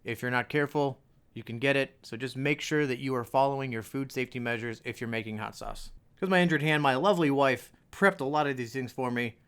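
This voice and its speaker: A man's voice: mid-range voice, brisk, fairly bright tone, clean tone. A young adult man hosting a casual home cooking video, walking viewers through a recipe with jokey asides in a home kitchen.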